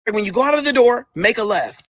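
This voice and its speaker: A man's voice: very high voice, animated, fast talker, fairly bright tone, no room sound. A man telling a comedic story in a sassy, profane, dramatic way. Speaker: storyteller host.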